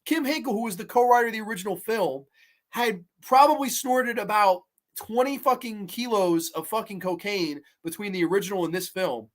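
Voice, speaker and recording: Male streamer, casual horror-review host, swears freely, excitable, banters with chat. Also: high-pitched, brisk. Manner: profane, excitable, reacts to chat. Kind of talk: casual livestream commentary.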